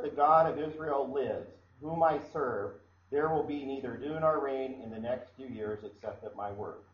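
Man from Iowa preaching a sermon: conversational, repeats himself, roomy and slightly muffled recording. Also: mid-range voice. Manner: conversational, repeats and restarts phrases. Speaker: pastor. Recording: echoey room, dull sound, faint background noise.

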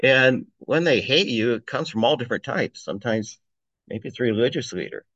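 A man's voice: mid-range voice, expressive, normal speed, a bit bright, no echo, lo-fi sound. A man giving a conversational sermon, reading scripture aloud and chuckling between points. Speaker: preacher. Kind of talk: informal sermon on a psalm.

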